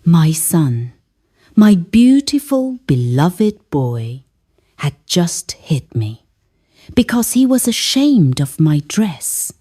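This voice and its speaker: A woman's voice: lowish voice, sing-song, slow pace, dark tone, dry recording, clean studio sound. A woman telling a moral story in first-person scripted narration, dramatic and often dropping to a whisper.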